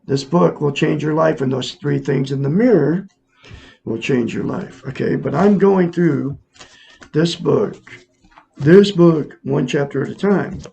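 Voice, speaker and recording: Man, gravelly, a little husky, earnest self-help talk, repeats himself, calls viewers folks. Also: on the high side, normal speed, darkish tone, highs cut off. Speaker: self-help video host. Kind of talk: casual monologue to camera.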